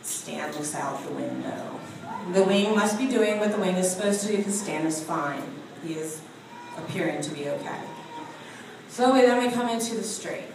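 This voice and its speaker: Animated woman in an echoey room. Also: mid-range voice, moderate pace, creaky, background noise. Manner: animated storytelling with frequent laughter. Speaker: speaker. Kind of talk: humorous spiritual talk. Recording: echoey room heard from a distance.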